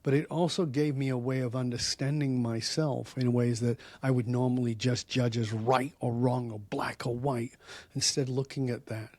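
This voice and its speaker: A man speaking as a podcast guest and author, telling stories in an animated, emphatic way that often gets loud. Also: mid-range voice, moderate pace, dry recording. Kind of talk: storytelling interview talk.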